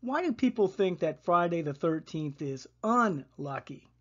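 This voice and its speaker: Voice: mid-range voice, animated, measured pace, dull audio. A storyteller voicing a curious young schoolgirl asking questions.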